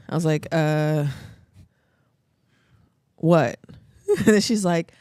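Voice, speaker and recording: A woman's voice: deep voice, slow pace, pauses often, darkish tone, clear, resonant tone, dry recording, studio quality. A woman co-hosting a podcast in casual chat. She tells a story with lots of energy and acts out what other people said. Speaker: podcast co-host.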